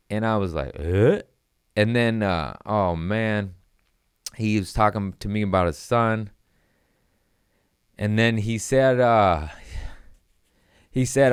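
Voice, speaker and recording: Man comedian, deep smooth voice, rambling profane storyteller, dry close sound. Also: unhurried, no echo. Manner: profane, rambling, laid-back. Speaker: stand-up comedian hosting his own show. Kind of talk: casual storytelling chat.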